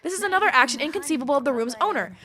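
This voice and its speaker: A woman's voice: sits high, lively intonation, very fast, sharp tone, pitched above the performer's own voice. A woman reading the lines of an earnest teenage boy student in a game, steadily explaining his reasoning.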